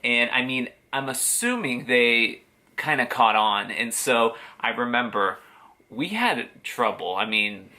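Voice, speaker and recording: A man's voice: mid-range voice, animated, slow pace, sharp tone. A young man candidly telling an emotional personal story to camera, swearing casually. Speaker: vlogger.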